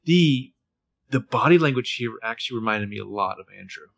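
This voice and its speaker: A man's voice: mid-range voice, fairly quick, gravelly. A man co-hosting a podcast, casually recapping a TV episode and quoting characters. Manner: expressive, quotes characters in raised voices. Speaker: podcast co-host.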